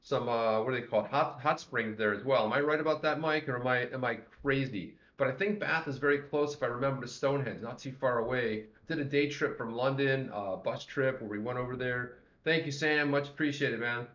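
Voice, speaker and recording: A man's voice: medium pitch, a little fast, few pauses, a bit bright. A man co-hosting a livestream, chatting in a rambling way and greeting viewers by name. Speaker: livestream co-host. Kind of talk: casual livestream chat. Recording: roomy, slightly dull livestream audio.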